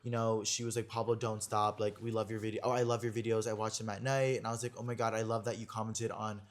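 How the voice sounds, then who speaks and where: A young man hosting a podcast, telling a story in a gossipy, animated way with lots of filler words. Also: lowish voice, fast talker. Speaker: podcast host. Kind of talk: casual chat.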